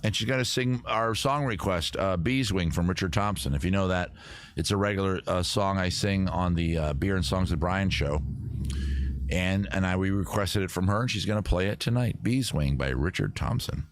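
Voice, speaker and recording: A man's voice: low voice, moderate pace. A man from Maryland hosting a casual livestream, rambling and joking as he reads viewer comments aloud. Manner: rambling, jokey, talks to chat and guests. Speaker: livestream host.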